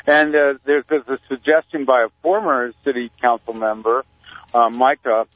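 A man's voice: mid-range voice, no echo. Man on a tinny phone line. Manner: rambling and halting, with dry deadpan satire. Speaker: caller, community activist. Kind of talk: casual radio interview over the phone.

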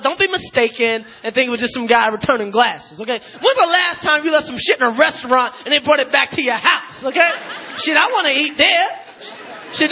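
Stand-up comedian, male, very high voice, shouts and swears, live show with a noisy crowd. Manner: loud, profane, shouting punchlines. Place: comedy stage before a live audience. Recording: dull live recording with loud crowd. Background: audience laughter and crowd noise.

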